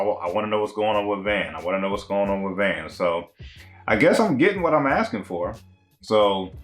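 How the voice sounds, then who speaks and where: A TV show reviewer recaps and reacts to an episode in a rambling, conversational way, full of slang and fillers. His voice is lowish and a bit bright.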